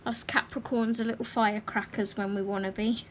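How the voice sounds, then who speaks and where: A woman's voice: a little high, a little hiss or hum. A woman hosting a colouring livestream, chatting casually and rambling a little as she works. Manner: chatty and rambling, quick to laugh. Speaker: livestream host. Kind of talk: casual chat while colouring.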